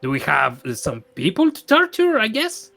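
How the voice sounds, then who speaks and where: A man's voice: high-pitched, wildly swooping pitch, moderate pace, creaky, sharp tone. A man playing his character in a tabletop game, hesitant and stammering through restarts. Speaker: player.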